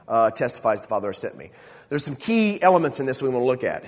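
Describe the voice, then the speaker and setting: Husky-voiced preacher in a reverberant hall. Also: male voice, medium pitch, animated, quick pace. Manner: emphatic preaching with many "okay?" asides. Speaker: pastor. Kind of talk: sermon.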